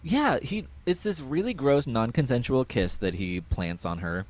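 A man hosting a podcast, casually recapping an episode in a rambling way with many fillers and quick quoted voices. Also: medium pitch, expressive. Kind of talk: casual chat.

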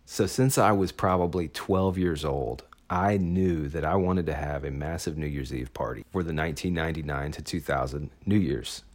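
Very deep-voiced man telling stories. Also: normal speed, few pauses. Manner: enthusiastic, chatty, full of "like" and "awesome". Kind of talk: casual personal storytelling.

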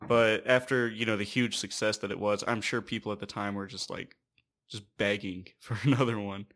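A man's voice: on the low side, steady tone, moderate pace, fairly bright tone. A man co-hosting a podcast in casual movie chat, easygoing, asking questions and laughing often. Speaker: podcast co-host.

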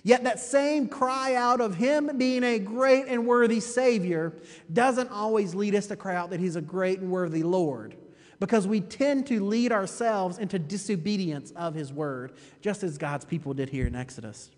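A man's voice: high-pitched, moderate pace, long reverb tail. A man preaching a sermon as pastor, emphatic and repeating his phrases for weight, often turning to the listeners with a rhetorical "you see.".

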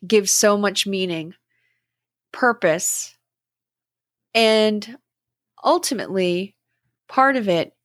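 A middle-aged woman hosting a podcast, speaking in a slow, gentle and contemplative way about spiritual growth. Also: medium pitch, no echo, clean studio sound. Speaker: podcast host. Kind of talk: reflective spiritual talk.

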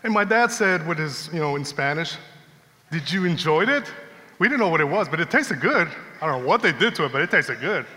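A man preaching a sermon, telling a personal story in a conversational, animated way. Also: on the high side, quick pace, hardly any pauses. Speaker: pastor. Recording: long hall reverb.

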